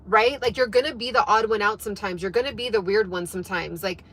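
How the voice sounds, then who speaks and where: A young woman telling a story to her viewers in a chatty, animated way, full of fillers. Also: mid-range voice, fast, poor audio. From United States. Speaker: fitness and life coach.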